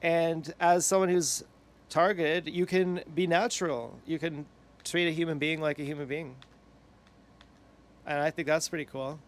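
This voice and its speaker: Man, rambling monologue, crude, self-correcting, slightly high voice. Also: steady tone, measured pace. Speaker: online commentator.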